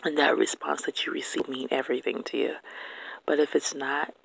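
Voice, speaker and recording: A soft, largely whispered voice with a heavy gravelly fry and a husky grain. The speaker talks earnestly and directly to viewers, offering faith-based encouragement and checking in with a gentle "okay?". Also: mid-range voice, level tone, normal speed, poor audio. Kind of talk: encouraging personal talk to viewers.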